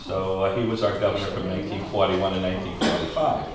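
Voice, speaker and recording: In a schoolhouse room, a middle-aged man from Maine chats and jokes his way through a local history talk, putting questions to the small audience he hosts for the historical society. His deep voice runs fast with a level tone, and the distant, echoey recording is very noisy.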